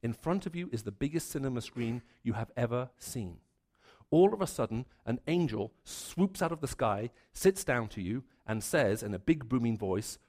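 A man preaching a sermon, earnest and building his points through repeated phrases, dropping to a hushed voice for his stories. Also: medium pitch, lively intonation, moderate pace.

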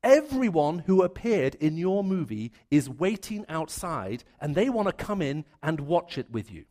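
A man's voice: on the high side, very animated, unhurried, dark tone. A man voicing an angel host who welcomes someone to a judgment theater in a big, announcer-like way. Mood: grandly welcoming.

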